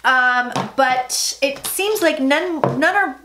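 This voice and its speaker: A woman with a high, bright-toned voice chats her way through a tarot reading on her own channel. She talks emphatically, then slips into low murmured asides, with a faint hiss of noise underneath. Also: slow pace. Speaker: psychic tarot reader. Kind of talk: casual tarot reading vlog.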